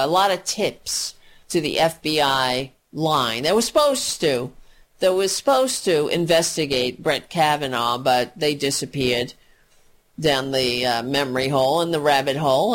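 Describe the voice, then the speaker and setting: A woman ranting about politics in a casual, profane, sarcastic way, mocking others in quick put-on voices. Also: medium pitch. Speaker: political commentator.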